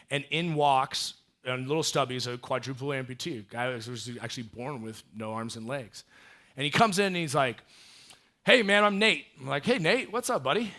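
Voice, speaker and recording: A man in his thirties giving a casual, animated storytelling talk as a guest speaker. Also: mid-range voice. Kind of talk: storytelling talk to a live audience.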